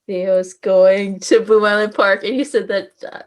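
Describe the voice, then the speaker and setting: A woman's voice: medium pitch, steady tone, a little slow. Casual woman playing a tabletop game. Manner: casual, hesitant with fillers, swears. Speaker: player. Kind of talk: tabletop role-play chat.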